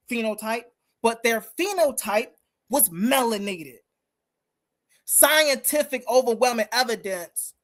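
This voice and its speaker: Combative higher-pitched woman host. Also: fairly bright tone. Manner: emphatic, combative, addresses listeners directly. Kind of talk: live-stream commentary rant.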